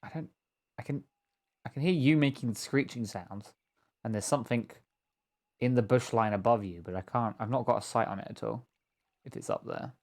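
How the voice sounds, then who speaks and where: Here a male co-player on a stream talks through a hunting game with a friend in a gravelly, middle-pitched voice, keeping a moderate pace broken by long pauses. His casual banter wanders between jokes, and he laughs frequently.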